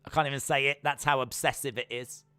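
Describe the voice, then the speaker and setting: A man's voice: medium pitch, steady tone, fast talker, pushed and bright, smooth, no echo, faint music behind. A man chatting casually on a live reaction stream, repeating himself often as he talks. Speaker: streamer hosting a watch-along.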